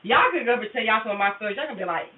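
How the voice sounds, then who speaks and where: A woman's voice: medium pitch, expressive, rapid-fire, reverberant. Candid woman chatting to viewers, tinny distant audio. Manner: candid, profane, confessional, addresses viewers directly. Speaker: tarot reader livestreaming. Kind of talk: casual livestream chat with viewers.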